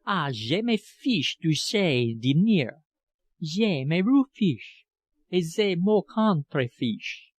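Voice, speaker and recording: A man's voice: fairly high pitch, very animated, slow pace, no room sound, voice pushed up, exaggerated voice. A man reading aloud, voicing a gushing, affected governess of about forty who speaks with an extravagant French accent. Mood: rapturous. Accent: put-on French accent. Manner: extravagant, breathy, theatrical.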